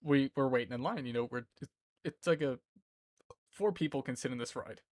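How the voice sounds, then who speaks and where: A young man in his twenties talks on a live stream, giggly and rambling, at a middling pitch. His voice is close and dry, with little room sound around it. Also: fairly quick, no room sound. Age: 20s. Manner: giggly, rambling, often breaks into laughter. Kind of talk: casual chat. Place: indoor room at home.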